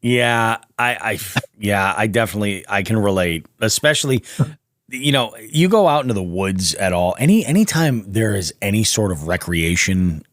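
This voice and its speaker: A man's voice: lowish voice, animated, normal speed, a bit bright, no echo. A man hosting a podcast, chatting casually and effusively with a guest. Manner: upbeat, effusive, frequent agreeing interjections. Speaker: podcast host. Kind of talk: casual interview chat.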